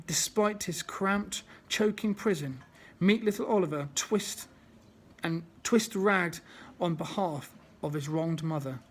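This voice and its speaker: A man reading a children's book aloud as a storyteller, unpolished and often restarting. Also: high-pitched.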